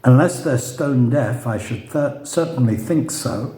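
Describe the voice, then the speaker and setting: A cultivated middle-aged husband, earnest and smitten, choosing his words with care, as a man reads him. His voice is low, mellow and slow, with a roomy echo around it. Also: lightly acted.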